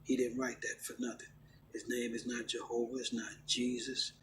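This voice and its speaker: A middle-aged man ranting and preaching casually, emphatic and repetitive, swinging from loud outbursts to low, stern talk. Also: monotone, moderate pace. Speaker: vlogger preaching his faith. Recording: faint background noise.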